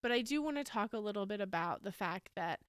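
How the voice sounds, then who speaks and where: A woman's voice: mid-range voice, lively intonation, fast, no echo, clean studio sound. A woman in her thirties from the United States, hosting a podcast and telling a personal story in a candid, rambling, emotional way. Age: 30s. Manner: candid, rambling, emotional, with frequent fillers and laughs. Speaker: podcast host.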